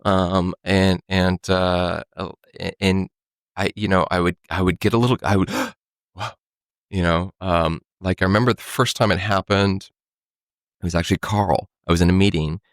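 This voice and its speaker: A man with a low, gravelly voice talks through his own story in a casual, halting way, full of restarts and "you know". The sound is dry and close to the mic. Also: fairly even intonation, no room sound. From California. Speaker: podcast guest sharing recovery story.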